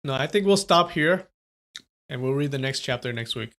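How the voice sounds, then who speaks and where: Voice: mid-range voice, animated, normal speed, fairly bright tone. A streamer reading a wuxia novel aloud live, with casual, playful chat between passages. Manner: casual, playful, chatty asides.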